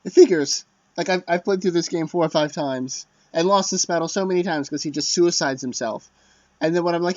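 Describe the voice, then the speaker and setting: Recorded on a dull lo-fi dry mic with no room sound, a let's play commentator talks casually through a strategy game, self-deprecating and prone to muttering under his breath. His voice is a little high with a darkish tone, and he speaks at normal speed.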